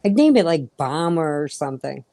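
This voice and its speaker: A middle-aged woman chats casually as host, telling stories with gusto and putting on the voices of the people in them. Her voice sits a little low, and the sound is close and dry with no room around it. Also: normal speed, no room sound. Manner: animated storyteller acting out quotes. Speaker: host of a live crochet chat. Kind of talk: casual chat.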